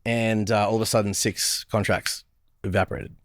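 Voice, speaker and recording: A low-pitched man talks through his stories as a podcast guest, circling back and repeating words as he goes. His voice is close and dry, with no room sound around it. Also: level tone, moderate pace, no room sound. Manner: storytelling, lots of restarts and repeated words. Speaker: podcast guest, hospitality strategist. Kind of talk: casual interview chat.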